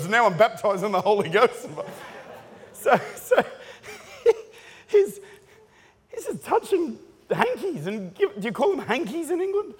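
A high-pitched man preaches a sermon, full of jokes and stories that build to shouts. His voice rings out with a long reverb tail from a big hall. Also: moderate pace, breathy edge. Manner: animated, joking storytelling with bursts of shouting.

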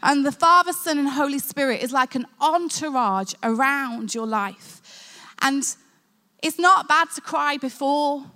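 Woman pastor, earnest conversational sermon, high bright voice, church hall reverb. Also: measured pace. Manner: earnest, conversational preaching with prayer.

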